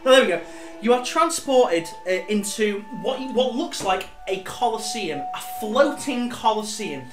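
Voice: mid-range voice, lively intonation, moderate pace. Rambling game master in an echoey room. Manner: rambling with many fillers and restarts. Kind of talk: narrating a tabletop game. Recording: roomy, distant, music behind.

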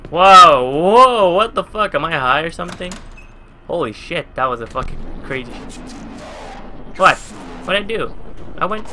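A New Jersey man in his twenties plays a horror game at his home gaming computer, speaking a little slowly with long pauses in a slightly high, bright, pushed voice with lively intonation. He's a jumpy let's play gamer who swears constantly and yelps when startled, with slight background noise.

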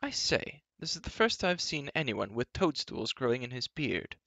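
A man's voice: medium pitch, very animated, normal speed, sharp tone, no room sound, voice pushed up, heavily acted. A man voicing a curious, naive young male prince in a storybook reading. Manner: eager, curious.

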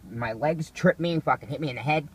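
A man's voice: a little high, fast, husky. A man casually telling rambling, profanity-laced stories to a friend. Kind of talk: casual storytelling.

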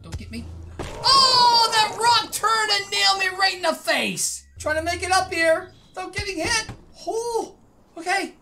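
A woman giving excited, chatty commentary while playing a video game, often exclaiming and laughing. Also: extremely high pitch, a little slow, gravelly, background noise. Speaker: gaming let's-player.

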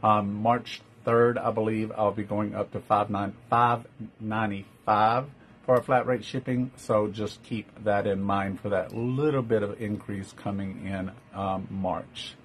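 A man's voice: fairly low pitch, fairly even intonation, measured pace, slight background noise. A man with a Texan accent hosting a live-stream jewelry sale, chatty, greeting viewers by name and calling them love. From Texas. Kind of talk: live-stream sales chat.

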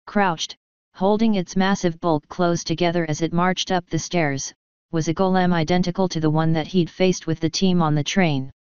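A woman reads a fan story aloud in a steady storybook manner. Her voice is low and strikingly smooth. The recording is dry and slightly dull. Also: no echo. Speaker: fanfiction reader. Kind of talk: storybook narration.

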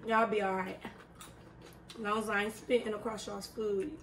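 A woman's voice: mid-range voice, little pitch movement, moderate pace, a bit bright. A woman chatting casually over a food video, teasing and plain-spoken. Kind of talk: casual mukbang chat. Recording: far from the mic with faint noise.

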